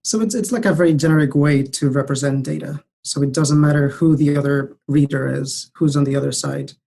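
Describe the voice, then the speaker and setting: Guest speaker, male, gravelly husky voice, flat delivery, explains things thoughtfully. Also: fairly high pitch. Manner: thoughtful, measured, some hesitant restarts. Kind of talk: casual tech podcast chat.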